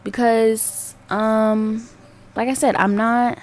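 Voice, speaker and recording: On her casual solo podcast, the young host rambles and swears, using plenty of fillers. Her voice is fairly high, with a flat delivery and a slow pace.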